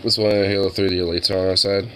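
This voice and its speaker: A man's voice: little pitch movement, fast, heavy background noise. A young man streaming, chatting casually and crudely in a rambling way. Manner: rambling, crude, jumps to a high baby voice with his dog. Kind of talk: casual chat.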